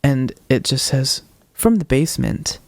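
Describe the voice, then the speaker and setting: A young man on a podcast, retelling a ghost-hunting video with animated quoted voices in casual storytelling. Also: medium pitch, unhurried, no room sound, clean studio sound. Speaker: podcast co-host.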